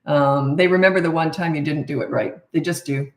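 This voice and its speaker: A woman's voice: deep voice, steady tone, a little fast. Blunt chatty woman parenting coach. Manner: blunt, chatty, laughs at herself. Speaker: parenting coach answering live questions. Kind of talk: casual live Q&A chat. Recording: roomy echo.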